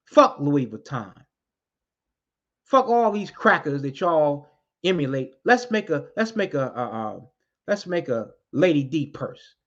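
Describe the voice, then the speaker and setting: A man's voice: on the high side, very animated, a little slow. A man giving an impassioned address to his community, preaching bluntly, swearing freely and repeating key lines for emphasis. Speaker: community activist addressing street groups. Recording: dull lo-fi recording.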